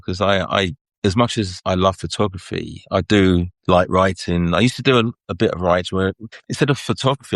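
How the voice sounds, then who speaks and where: A middle-aged man with a low voice and a London English accent, from England, appears as a guest photographer in a casual interview. He's chatty, telling lively anecdotes and laughing often. The recording is dry.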